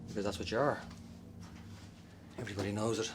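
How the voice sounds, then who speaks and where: A man's voice: on the low side, fairly even intonation, brisk, lightly acted. A man playing a sly, taunting Irish cop. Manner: mocking, then defensive and insistent. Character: sly, taunting male police officer. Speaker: police officer. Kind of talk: TV crime drama acting. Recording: clear background noise.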